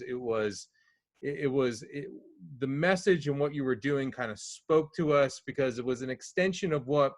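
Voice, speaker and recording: A man's voice: mid-range voice, no room sound. A man hosting a podcast over a video call from home, eager and often repeating words as he talks. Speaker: podcast host. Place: home during a storm.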